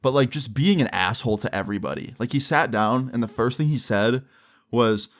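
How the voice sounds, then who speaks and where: A man's voice: mid-range voice, brisk. A young man telling a casual story full of crude slang, filling his talk with "like". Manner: crude, casual, many "like" fillers.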